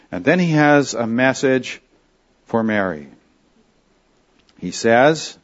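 A man from Canada preaching a verse-by-verse sermon, leaning on key words and dropping soft at the ends of phrases. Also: mid-range voice, animated, measured pace. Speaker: pastor. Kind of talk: expository sermon. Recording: slightly dull lo-fi sound.

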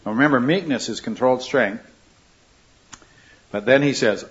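A man's voice: medium pitch, moderate pace. A man leading a Bible study class, asking questions and repeating the students' answers. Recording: slightly dull recording.

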